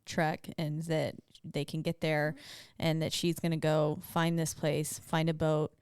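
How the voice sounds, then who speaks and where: A woman's voice: deep voice, little pitch movement, measured pace, darkish tone, smooth, no echo, clean studio sound. A woman co-hosting a casual movie recap chat, retelling scenes and quoting characters with playful sass. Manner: chatty storyteller, quotes characters with playful sass. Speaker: podcast co-host.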